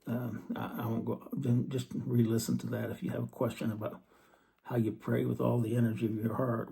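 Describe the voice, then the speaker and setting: Gravelly guy doing a scripture talk, flat steady delivery, dark mellow tone, earnest. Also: mid-range voice. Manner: earnest, reads verses slowly then comments. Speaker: religious teacher.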